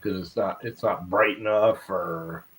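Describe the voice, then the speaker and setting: A man sits in on a casual video call. His voice is fairly low, and he jokes and laughs as he tells stories to the group. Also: steady tone, measured pace, a bit bright, low-quality recording. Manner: joking, laughing storyteller. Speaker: guest.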